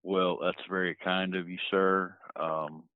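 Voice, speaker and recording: Low-voiced man, southern tennessee accent, dry wry humor, dull dry sound. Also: little pitch movement, unhurried, no echo. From Nashville, Tennessee. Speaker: guest caller.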